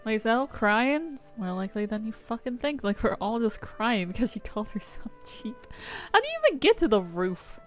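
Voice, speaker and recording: A woman's voice: on the high side, big pitch swings, moderate pace, few pauses, faint music behind. A woman streaming a game, chatting casually, giggling and swearing as she reacts. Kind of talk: casual let's-play commentary.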